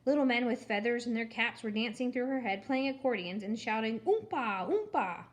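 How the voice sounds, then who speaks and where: A woman narrating a children's storybook in an expressive, wry reading voice. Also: on the high side, a little fast, lo-fi sound. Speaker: storybook reader.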